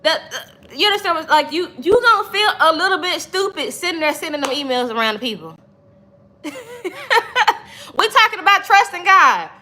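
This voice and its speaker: Bright high-voiced woman hosting a livestream. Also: animated, fairly quick. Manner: encouraging, preachy, laughs often, reads comments aloud. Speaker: livestream host. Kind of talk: motivational livestream chat. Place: home.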